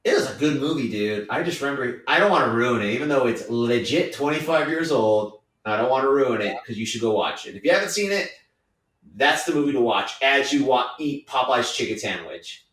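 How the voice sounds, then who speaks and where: A man's voice: medium pitch, lively intonation, a little fast, fairly bright tone. A young man from California, co-hosting a podcast in casual, rambling, jokey chat. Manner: laid-back, rambling, jokey. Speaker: podcast co-host. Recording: echoey room.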